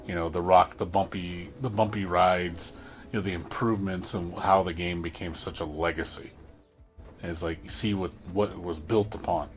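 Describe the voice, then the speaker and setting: A man's voice: low voice, steady tone, moderate pace, soft background music. A man livestreaming, ranting in frustration in casual commentary, often repeating and restarting his words.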